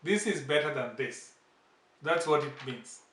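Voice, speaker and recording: A man teaches a casual language lesson in a slow, deliberate way. He repeats each example word carefully, and his voice is bright and fairly high. He sits back from the mic in a roomy, echoey space. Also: lively intonation. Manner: slow, patient explanations with repeated example words. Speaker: language channel host. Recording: roomy echo, distant from the mic.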